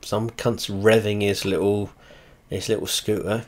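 A man's voice: on the low side, level tone, unhurried. A man, rambling casually and swearing a lot as he comments while playing a flight simulator. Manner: rambling, heavy swearing, blunt and chatty; trails off and restarts often. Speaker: video creator.

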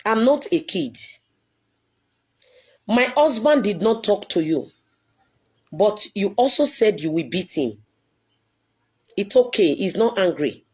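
Woman, church leader, emotional video address, pleading, repetitive, very animated pitch. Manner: earnest and pleading, repeats herself.

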